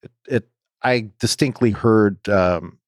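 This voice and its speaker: A man co-hosting a podcast, talking casually and haltingly with many ums and restarts. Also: on the low side, dry recording, clean studio sound. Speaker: podcast co-host.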